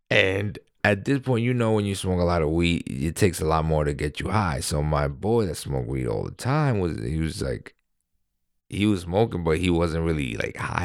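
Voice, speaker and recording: New man, deep, dry close recording, rambling casual storyteller who swears. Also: gravelly, no room sound. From New York. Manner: rambling, animated, swears freely.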